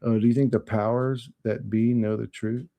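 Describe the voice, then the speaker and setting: A man's voice: medium pitch, level tone, moderate pace, creaky, mellow. A man on a livestream, reading chat comments and answering them in blunt, profane, rambling talk.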